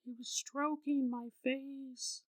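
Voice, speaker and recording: A man voicing a scared three-year-old girl who pleads in a small, high child's voice. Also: level tone, slow. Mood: fearful.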